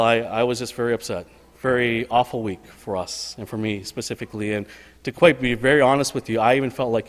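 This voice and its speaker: A male pastor speaks in an earnest, personal way, repeating phrases for emphasis. His voice sits at an ordinary middle pitch. It carries a long reverb from a church sanctuary. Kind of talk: sermon.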